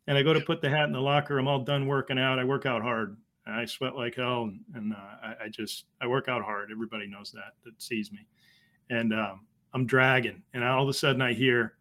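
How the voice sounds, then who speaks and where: A man, telling a personal story as a guest, halting and emotional with many restarts. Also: medium pitch, steady tone, bright, forceful tone. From Boston area. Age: 50s. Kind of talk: conversational storytelling.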